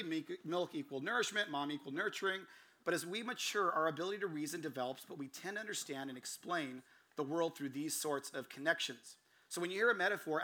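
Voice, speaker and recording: Bright, high-voiced pastor preaching animatedly. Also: male voice. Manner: animated storytelling with laughs and acted-out quotes. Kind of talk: sermon.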